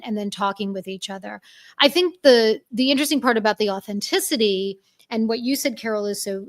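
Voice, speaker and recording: A woman from New York hosting a casual panel chat over a video call, enthusiastic and full of quick asides. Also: mid-range voice.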